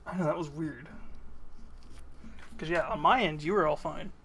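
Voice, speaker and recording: A woman streamer chatting casually while painting miniatures, her voice a little hoarse. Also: low-pitched, normal speed, a bit bright, a little hiss or hum. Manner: chatty, talks while working. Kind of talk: casual live-stream chat.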